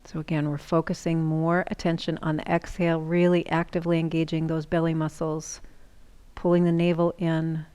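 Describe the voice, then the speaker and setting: A woman yoga instructor giving calm, slow breathing cues, sometimes dropping into a whisper. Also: low-pitched, clear, resonant tone.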